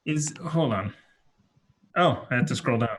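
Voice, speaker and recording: A man's voice: medium pitch, animated, a little slow, fairly bright tone, a little hiss or hum. A man narrating as dungeon master for a tabletop game, loose and chatty, with lots of fillers and restarts.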